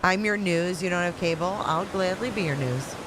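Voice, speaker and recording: A woman's voice: lowish voice, normal speed, noisy background. A woman with a Michigan accent hosting a casual livestream, chatting and answering viewer comments one after another. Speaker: livestream host. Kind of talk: casual live-chat stream. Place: at home in Florida riding out a hurricane.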